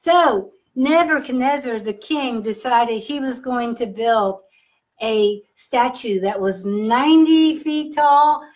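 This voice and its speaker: High-voiced woman pastor telling a story slowly. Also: low-quality recording. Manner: slow, deliberate storytelling. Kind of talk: Bible storytelling for children.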